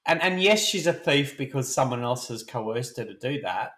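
A man's voice: mid-range voice, expressive, normal speed, fairly bright tone. A man co-hosting a podcast, blunt and emphatic, repeating his points. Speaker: podcast co-host. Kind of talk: casual opinionated chat. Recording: roomy echo.

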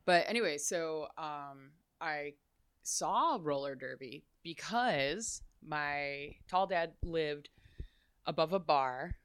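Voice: mid-range voice, slow pace, fairly bright tone, clean tone, no room sound. A guest from Chicago telling stories in a casual interview, rambling with lots of "like" asides. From Chicago, USA. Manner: chatty, rambling, full of "like" asides.

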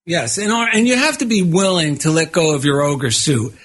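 High-pitched guy co-hosting a podcast, rambly storyteller, keeps restarting his sentences. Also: sing-song, normal speed, a bit bright. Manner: rambling, anecdotal, with frequent restarts. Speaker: podcast co-host and author. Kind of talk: casual conversational chat.

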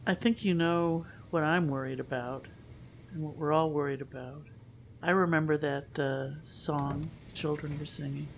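A player voicing a steady, reassuring woman adventurer. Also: mid-range voice, unhurried, slight background noise, close to an everyday voice, rough recording. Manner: calm, reassuring.

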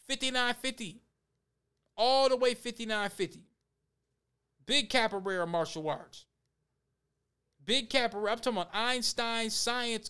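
A man's voice: sits high, sharp tone, clean tone. A man reading news aloud and breaking in with heated, emphatic, repetitive commentary to his viewers. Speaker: commentary vlogger.

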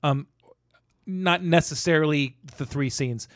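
A man's voice: on the high side, unhurried, no room sound, clean studio sound. A man in a casual podcast chat about films, retelling favorite scenes and acting out the lines with energy. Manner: animated storyteller who acts out movie lines. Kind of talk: casual film discussion.

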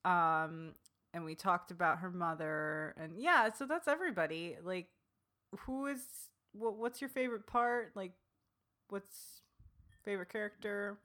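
A woman co-hosting a casual book discussion, animated, acting out characters' lines as she retells the story. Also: fairly low pitch, unhurried. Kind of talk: casual chat.

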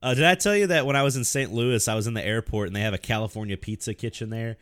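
A man's voice: medium pitch, fast talker, clear, resonant tone, no echo. A young man co-hosting a podcast, telling stories in casual chat with lots of swearing and laughter. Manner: animated storytelling, swears often, laughs. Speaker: podcast co-host.

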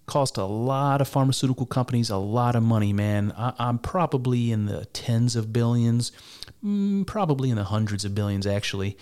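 A man's voice: medium pitch, darkish tone, clean tone. A man giving casual spoken commentary on clips, argumentative and wry, with frequent restarts and mock laughter.

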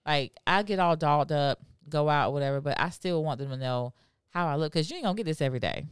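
Smooth-voiced woman, frank podcast co-host. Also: deep voice, animated, fast, dry recording, clean studio sound. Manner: agreeable, frank, chimes in with affirmations. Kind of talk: casual chat.

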